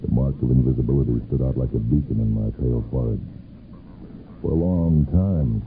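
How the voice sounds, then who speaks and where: A man with a very deep, gravelly voice reads a dark first-person tale, measured and brooding. The sound is thin and phone-like, an old 1970s radio recording with faint music underneath. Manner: measured, brooding delivery with drawn-out pauses. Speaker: narrator. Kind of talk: dramatic first-person story reading for radio.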